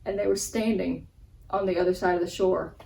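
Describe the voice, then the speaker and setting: A young woman vlogger telling a funny personal story in a casual, animated way, laughing as she goes. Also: on the low side, fairly quick, vocal fry, distant mic, slight background noise, rough recording. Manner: animated, laughing, acts out gestures. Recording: voice a bit off-mic with faint background ambience.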